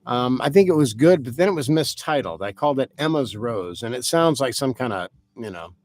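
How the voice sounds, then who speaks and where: A man's voice: medium pitch, expressive, a little fast, a little mellow, dry recording. A man who writes novels, rambling casually through a live stream for his viewers and cursing now and then. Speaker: author hosting a live stream.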